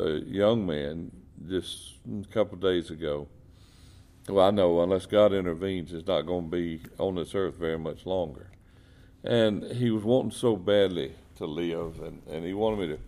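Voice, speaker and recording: Man, very low gravelly voice, dark tone, folksy earnest talk. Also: normal speed. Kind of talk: casual Christian talk.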